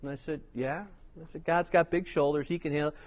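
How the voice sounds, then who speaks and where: A man's voice: on the high side, steady tone, fast. Storytelling middle-aged male pastor. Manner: storytelling, conversational asides. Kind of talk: sermon.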